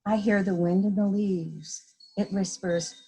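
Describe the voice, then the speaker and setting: A woman's voice: mid-range voice, steady tone, a little slow, creaky, warm tone, breathy edge. A woman reading a children's picture book aloud on a video call, voicing the book's sound effects expressively. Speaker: guest story reader.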